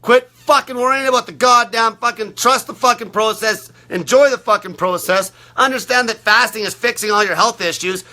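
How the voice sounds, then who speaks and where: A man coaching on fasting in a blunt, aggressive monologue full of constant swearing. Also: extremely high pitch, pushed and bright. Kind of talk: profane ranting monologue.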